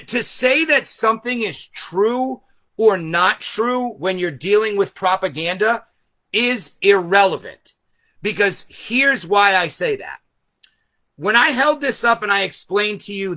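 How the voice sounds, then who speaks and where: A man hosting a live stream, speaking loudly and emphatically as he explains a point to his viewers. His voice sits high and bright and swings a lot in pitch. He talks from a camera set some way back. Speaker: host. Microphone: camera set back from him.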